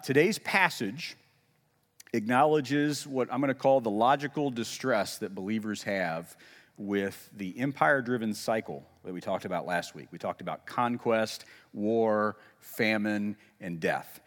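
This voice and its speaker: A man preaching a sermon in a casual, conversational way, with self-deprecating humor and lively emphasis when quoting. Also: fairly low pitch, a little slow, in a large hall. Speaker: pastor.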